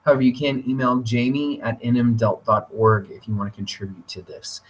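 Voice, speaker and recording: A man presenting a teacher training webinar, talking in a relaxed conversational way with occasional fillers. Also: mid-range voice, a little fast. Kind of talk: webinar lecture. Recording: voice distant from the mic.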